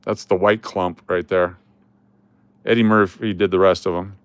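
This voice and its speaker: Smooth-voiced man chatting casually and joking. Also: deep voice, little pitch movement, moderate pace, no room sound. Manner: rambling and joking, with chuckles and trailing restarts. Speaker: coin collecting channel host. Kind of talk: casual vlog chat while scrolling through photos.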